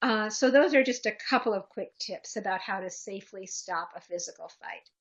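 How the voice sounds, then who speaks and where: A woman's voice: medium pitch, moderate pace, dull audio. A woman presenter answering audience questions in a webinar, giving practical advice and acting out short commands aloud.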